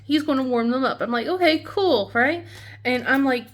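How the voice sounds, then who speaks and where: A woman's voice: high voice, steady tone, a little fast, fairly bright tone. A woman chatting casually as a craft channel host, rambling and laughing often. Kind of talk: casual chat while crafting.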